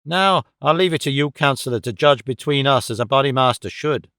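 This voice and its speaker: A man's voice: mid-range voice, a little fast, a bit bright, clean tone, no echo, clean studio sound, close to an everyday voice. A man voicing a cocky, brash young criminal in an audiobook. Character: cocky young male coiner and tough.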